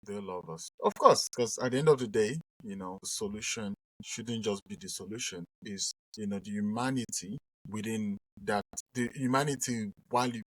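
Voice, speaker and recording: A man's voice: lowish voice, normal speed, a bit bright, no echo, rough recording. A man hosting a podcast interview, repeating his guest's points back before asking his next question. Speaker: podcast host. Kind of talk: interview host.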